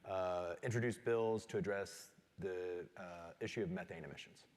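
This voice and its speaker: Brief: male moderator, low voice, measured and explanatory, long hall echo. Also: darkish tone. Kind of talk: moderated panel interview. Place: large event hall on stage.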